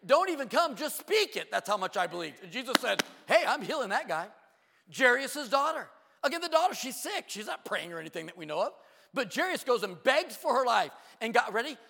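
A middle-aged man preaching a sermon, firing rhetorical questions and asides, sometimes dropping to a hush. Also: extremely high pitch, gravelly. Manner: animated preaching with quick asides, rhetorical questions and hushed drops. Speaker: pastor. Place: church sanctuary. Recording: long reverb of a large hall.

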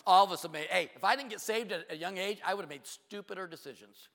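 A middle-aged man preaching a sermon, firing rhetorical questions and asides, sometimes dropping to a hush. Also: high voice. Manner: animated preaching with quick asides, rhetorical questions and hushed drops. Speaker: pastor. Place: church sanctuary. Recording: long reverb of a large hall.

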